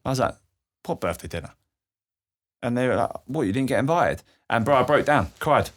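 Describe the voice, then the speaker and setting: A man's voice: mid-range voice, lively intonation, fairly quick, fairly bright tone. A young man, a podcast guest telling a candid personal story with emotion, swearing freely. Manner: emotional, swears freely, acts out quoted voices.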